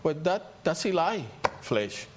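A man's voice: a little high, very animated, slow. Spanish-accented older man preaching. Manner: rambling, storytelling, rising to emphatic peaks. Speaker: pastor. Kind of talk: sermon.

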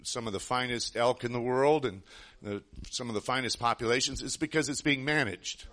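Bright-voiced man preaching through a story. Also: mid-range voice, brisk. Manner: earnest, rambling, with frequent restarts. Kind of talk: sermon storytelling.

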